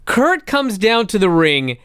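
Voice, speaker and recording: A man with a slightly higher voice swoops up and down in pitch as he recounts events with a lot of swearing and enthusiasm. The recording is dry and close, with no room sound. His delivery is excitable and conversational. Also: slow pace, clean tone, no echo. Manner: profane, excitable storytelling. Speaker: podcast co-host recapping wrestling. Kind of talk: casual chat.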